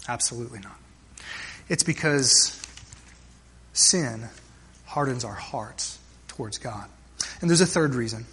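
Earnest preacher guy, kinda high husky voice, urging folks on. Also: a bit bright. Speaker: pastor. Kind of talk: sermon.

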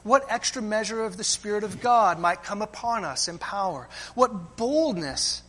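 A man's voice: sits high, lively intonation, moderate pace, a bit bright. A man preaching a sermon as pastor, asking the congregation rhetorical questions and often tagging "right?" and "friends".

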